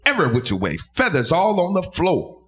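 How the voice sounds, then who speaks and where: A man doing a loud, animated stand-up set with crude punchlines, then chatting casually on a live comedy podcast stage. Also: high-pitched, normal speed.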